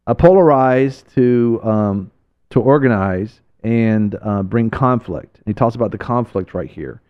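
A man's voice: on the low side, a little slow, smooth, highs cut off. A man hosting a religious broadcast, preaching with a fervent, exhorting delivery and repeating phrases for emphasis.

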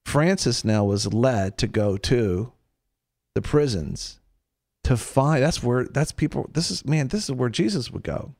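Gravelly Southern man, chatty host. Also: medium pitch, unhurried, no echo, studio quality. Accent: American Southern. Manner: animated storyteller, acts out quotes. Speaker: radio show host. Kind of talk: casual faith talk show chat.

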